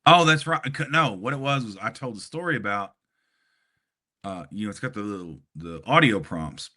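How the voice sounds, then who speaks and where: This man grew up in Hawaii and talks in a bright, punchy, slightly low voice. He rambles through a story for a friend, stacking fillers and little laughs. It sounds like a casual podcast chat. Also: animated, normal speed. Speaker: podcast co-host.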